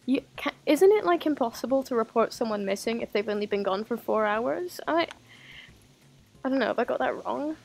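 Sarcastic woman with a gravelly voice. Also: a little high, animated, a little fast, darkish tone. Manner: sarcastic, mocking asides, swears casually. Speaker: streamer playing a game. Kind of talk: casual gameplay commentary.

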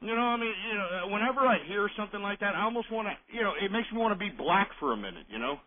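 A man hosting a late-night call-in show, ranting bluntly with a high, wildly swooping voice. He curses freely and stumbles over restarts as he drinks beer. The sound is thin and tinny, squeezed into a narrow band. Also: animated, fast talker. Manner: angry, blunt, profane ranting with repeated restarts. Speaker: call-in radio host. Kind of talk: late-night political talk radio rant.

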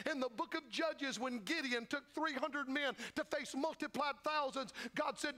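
A man's voice: very high voice, steady tone, a little fast, few pauses, pushed and bright. A man preaching a fervent revival sermon in a church, building his points through repeated phrases. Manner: fervent, repetitive preaching cadence. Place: church sanctuary.

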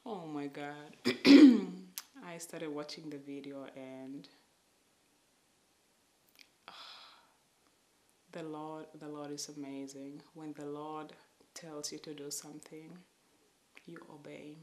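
Low-voiced woman sharing emotional faith testimony. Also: flat delivery, reverberant, slight background noise. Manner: emotional, halting, drops to whispers. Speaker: vlogger.

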